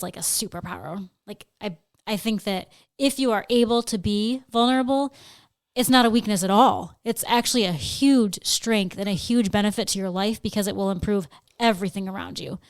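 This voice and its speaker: A woman on a podcast with a smooth, resonant voice at a middling pitch. She talks sincerely and with emphasis, doubling back on words as she makes her point. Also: fairly quick. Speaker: podcast co-host. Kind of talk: candid podcast conversation.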